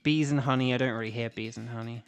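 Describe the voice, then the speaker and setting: The recording is muffled with faint music behind as a British streamer and voice actor, young and medium-pitched, talks fast in a steady tone. He chats casually to viewers while playing a game, rambling and often restarting with fillers.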